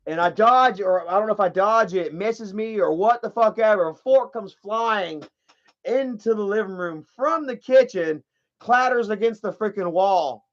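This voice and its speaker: A man's voice: high voice, normal speed. A young man telling a rambling, profane story to his viewers in casual chat. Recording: dull lo-fi stream audio.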